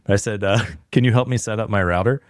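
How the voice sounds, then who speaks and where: A man's voice: lowish voice, quick pace, no echo, studio quality. A man co-hosting a podcast, laid-back and self-deprecating in casual chat. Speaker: podcast co-host.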